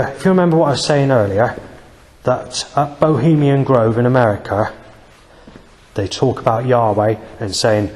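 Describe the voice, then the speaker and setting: A man speaking in a rambling, aggrieved personal monologue, halting often with fillers. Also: medium pitch, a little mellow, big-room sound. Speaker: vlogger.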